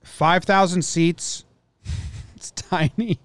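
A man's voice: high-pitched, steady tone, slow, clean tone, no room sound. A man co-hosting a casual sports podcast, joking and loose, often trailing off and restarting his sentences. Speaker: podcast co-host.

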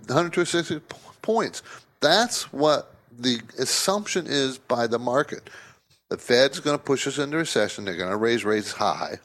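A man's voice: medium pitch, a bit bright. A man hosting a call-in finance talk show, speaking emphatically and conversationally, often repeating himself for stress. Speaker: radio show host.

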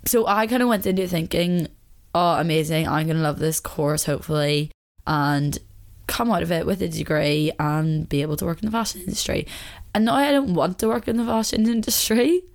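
A woman's voice: on the low side, fairly quick. A woman in her twenties hosting a podcast, talking in a rambling, candid and confessional way, full of "like". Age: 20s. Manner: rambling and chatty, heavy use of "like"; open and confessional. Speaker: podcast host. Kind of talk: candid casual monologue.

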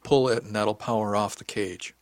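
In an audiobook reading, a man with a lowish voice lightly acts the part of a calm, good-humored male ship engineering officer who gives brisk, practical orders with dry humor. The recording is dry.

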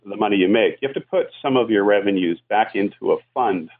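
A man's voice: lowish voice, a little fast, phone-quality sound. A man explaining media policy as a guest on a radio call-in show, talking at length with many fillers. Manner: explanatory, frequent "you know" fillers.

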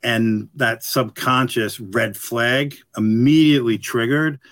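A man's voice: mid-range voice, steady tone, a bit bright, no room sound. A middle-aged man, a retired police detective, tells a story as an interview guest. He rambles, stops and restarts, and fills his speech with "you know". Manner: rambling and halting, full of "you know" fillers.

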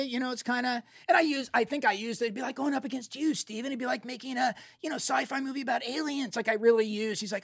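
A man's voice: extremely high pitch, expressive, fast talker, vocal fry, few pauses, a bit bright, slightly rough, no room sound, clean studio sound. A middle-aged man, a film director as guest, telling stories casually and acting out other people's lines in quoted voices. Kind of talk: casual anecdotal storytelling.

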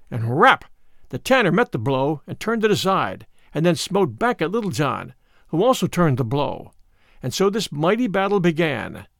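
A man narrating a storybook in an expressive, animated way. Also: a little high, no room sound, studio quality. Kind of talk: storybook reading.

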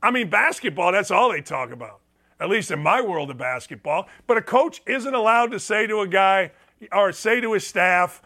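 Sports radio host, a man with a high, bright voice, blunt and sarcastic, lively delivery. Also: normal speed. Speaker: sports talk show host. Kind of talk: opinionated sports talk monologue.

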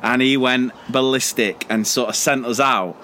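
A man's voice: medium pitch, steady tone, moderate pace, bright, forceful tone, slight background noise. A man co-hosting a podcast, telling a school story in casual chat, rambling with many fillers and frequent laughs. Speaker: podcast co-host.

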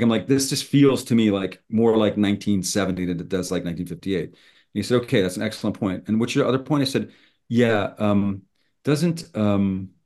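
Lively storytelling middle-aged man. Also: fairly low pitch. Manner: animated, acts out both sides of phone calls. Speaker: screenwriter guest. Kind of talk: storytelling in conversation.

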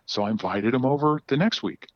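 A man giving a candid, halting account of personal events as a podcast guest, often repeating words as he goes. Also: mid-range voice, lively intonation, no echo, muffled recording. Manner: halting, repeats words while telling a story.

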